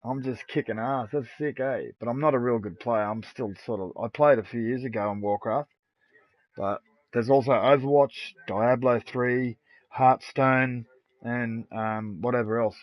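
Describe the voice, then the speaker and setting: A man's voice: mid-range voice, steady tone, a little slow, no room sound. A middle-aged Australian man streaming a game live, chatting in crude, boastful banter with lots of swearing. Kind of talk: casual live-stream gaming chat. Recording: dull lo-fi dry sound.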